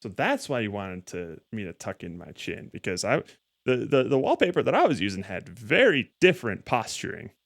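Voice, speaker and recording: A man streams a game and talks through it, rambling, correcting himself and stumbling over words. His voice sits on the low side. The sound is dry and close, with no room around it. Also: big pitch swings, normal speed, gravelly, a bit bright, dry recording. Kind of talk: casual gameplay commentary.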